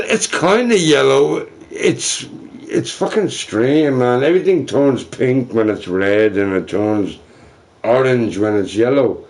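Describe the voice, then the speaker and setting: Brief: male streamer, unhurried and rambling, pitch swings a lot, swears constantly, self-deprecating. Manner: rambling, profane, self-mocking, laughing between remarks. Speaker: livestreamer. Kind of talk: casual livestream chatter.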